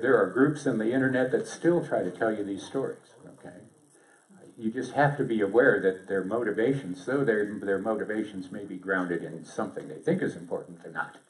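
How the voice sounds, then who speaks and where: A man giving a seminar presentation to an audience, lively and joking in a conversational way. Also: fairly low pitch. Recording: echoey room, distant mic.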